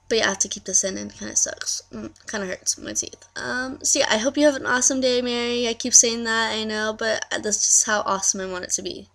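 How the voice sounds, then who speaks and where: A woman's voice: medium pitch, steady tone, normal speed, creaky, pushed and bright. A teenage girl with a lisp, rambling in a casual birthday video message and poking fun at herself. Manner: rambling, self-deprecating, giggly. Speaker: vlogger.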